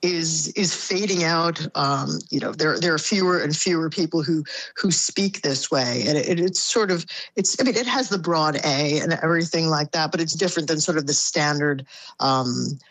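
A woman's voice: low voice, moderate pace, a bit bright, breathy edge, dry recording. A woman speaking as a guest in a conversational interview, explaining her city and thinking aloud with frequent restarts.

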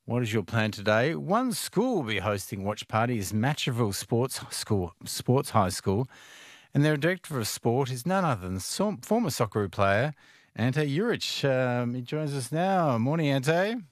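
A man's voice: medium pitch, very animated, normal speed, dry recording. An Australian man hosting breakfast radio in a studio, chatting casually, laughing easily and tripping over his words now and then. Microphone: studio microphone.

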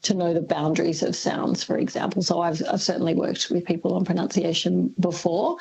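A woman's voice: fairly low pitch, flat delivery, brisk, vocal fry, darkish tone, slightly rough, poor audio. A woman linguist, answering radio interview questions thoughtfully with many ums and restarts. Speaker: linguist guest.

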